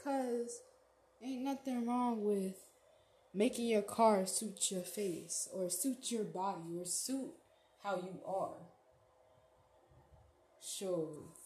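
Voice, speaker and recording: A woman's voice: medium pitch, darkish tone, echoey room. A woman hosting her own podcast, giving a casual, profane motivational rant in a blunt, slangy way with laughs. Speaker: podcast host.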